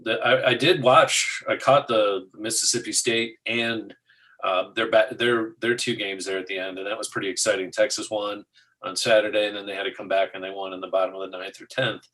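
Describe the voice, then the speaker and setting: Dude on a market podcast, low voice but bright and sharp, just runs through charts plainly. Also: male voice, steady tone, fairly quick, rough recording. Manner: matter-of-fact, walks through charts. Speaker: co-host of a markets talk show. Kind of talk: casual market chat.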